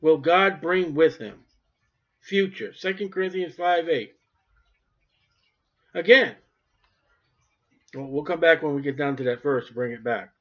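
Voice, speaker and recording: Emphatic high-voiced man preaching. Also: unhurried, pauses often. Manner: emphatic, swings between loud and quiet. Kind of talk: sermon. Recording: dull lo-fi recording.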